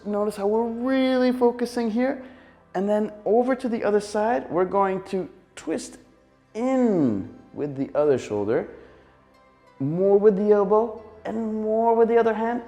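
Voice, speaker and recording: Lively, encouraging male exercise instructor. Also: high-pitched, vocal fry. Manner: calm, encouraging, coaching through movements with sighs.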